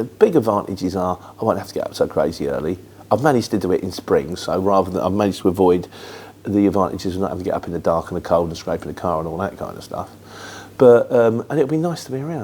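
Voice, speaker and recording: A lowish, mellow male voice with a breathy edge belongs to a middle-aged Englishman from Luton with a London-influenced accent. He's casually chatting and answering viewer questions, rambling but matter-of-fact.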